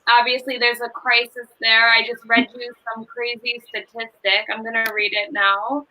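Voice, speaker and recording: Bright high-voiced woman host. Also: flat delivery, moderate pace, low-quality recording. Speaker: interview host. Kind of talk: live online interview.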